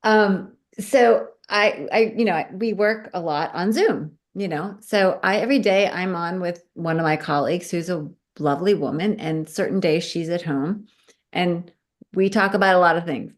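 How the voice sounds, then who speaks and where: Animated woman telling a story. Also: on the low side, moderate pace. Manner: animated storyteller, acts out quoted speech. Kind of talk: casual chat.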